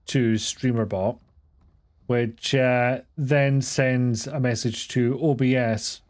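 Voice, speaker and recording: Casting note: male streamer, casual and jokey, explains his tech setup, occasional swearing. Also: mid-range voice. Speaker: streamer host. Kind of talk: casual chat while gaming.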